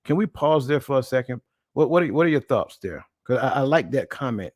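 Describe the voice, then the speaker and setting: Encouraging male host, mid-pitched voice, dry close mic sound. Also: expressive, brisk, darkish tone, dry recording. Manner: upbeat, encouraging. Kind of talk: casual discussion.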